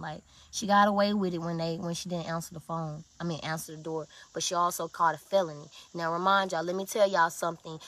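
A woman's voice: mid-range voice, dry recording. A young woman telling her viewers a story in a casual, blunt and profane way, with lots of emphasis.

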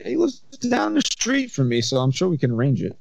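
A man's voice: a little high, wildly swooping pitch, fairly quick, gravelly, dry recording. A man hosting a casual podcast chat, telling stories in a rambling, self-interrupting way. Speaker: podcast host. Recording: slightly dull sound.

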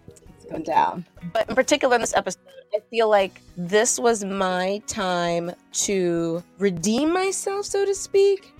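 Woman podcast co-host, chatty storyteller, faint music bed. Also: mid-range voice. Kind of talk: casual chat.

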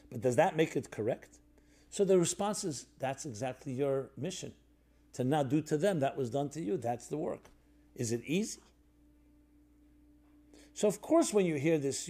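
Mellow-voiced man teaching with gentle parables. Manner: reflective, tells parables, drops to a soft low voice for stories; conversational with fillers and restarts. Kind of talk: sermon-style talk.

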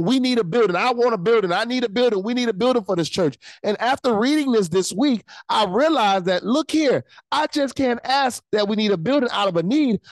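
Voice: medium pitch, dry recording, rough recording. Pastor preaching to a livestream, voice swoops up and down a lot, dry close sound, keeps repeating lines. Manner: animated, repeats phrases for emphasis, calls out to the chat. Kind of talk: livestreamed sermon.

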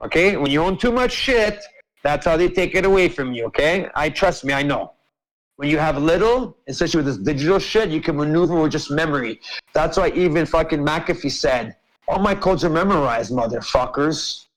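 A man's voice: fairly high pitch, expressive, fairly quick, poor audio. A man hosting an open-mic group chat, ranting emphatically and swearing a lot. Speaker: host.

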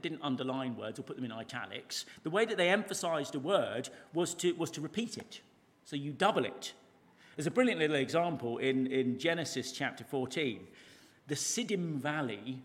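Lively preacher man in a reverberant church. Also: on the high side. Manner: animated, drawn-out emphasis, rhetorical questions. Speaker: pastor. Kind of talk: sermon. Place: church service, large room.

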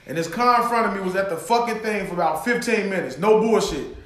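Male podcast co-host, very high voice, animated storyteller, echoey room. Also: fast talker. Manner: animated, acts out quotes with shouted outbursts and profanity. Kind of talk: casual storytelling chat.

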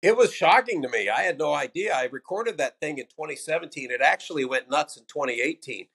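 A man's voice: a little high, a little fast, creaky, slightly rough. Older man telling comedy road stories. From United States. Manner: loose, profane anecdotes with animated quoted voices. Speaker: stand-up comedian, guest. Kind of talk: casual storytelling interview.

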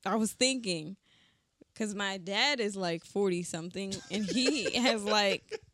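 A young woman co-hosting a podcast in casual chat, playful and quick to laugh. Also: mid-range voice, fairly bright tone, no room sound. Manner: playful, giggly. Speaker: podcast co-host.

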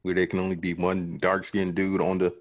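A man with a fairly low voice co-hosting a casual podcast. He talks in a relaxed, easygoing way. He brings in news items by reading them out. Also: brisk. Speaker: podcast co-host. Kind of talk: casual chat.

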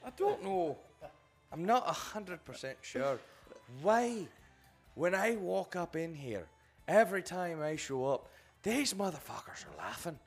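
A man putting on a loud, foul-mouthed Irishman with an Irish accent for a comic podcast bit. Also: high-pitched, sing-song, a little slow, vocal fry, slightly rough, soft background music, exaggerated voice. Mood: rowdy. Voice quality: loud, brash, swears freely. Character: boisterous foul-mouthed Irishman who rides a goat. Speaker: recurring comic guest character. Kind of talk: comedic improv bit.

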